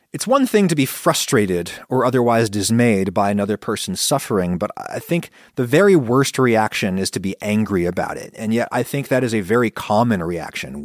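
Guy doing a solo podcast, really expressive pitch, dry close sound. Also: no room sound. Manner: conversational, reflective, animated when quoting thoughts. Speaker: podcast host.

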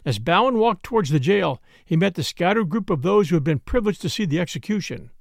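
A man reading a classic story aloud as an audiobook, in a measured way. His voice is high and gravelly and moves widely in pitch. The recording is close and dry. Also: expressive, dry recording. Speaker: narrator.

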